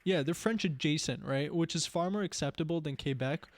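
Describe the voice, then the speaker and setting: A man's voice: on the high side, fairly quick, no echo. A young man co-hosting a podcast in casual chat, rambling with many "like"s and "you know"s. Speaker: podcast co-host.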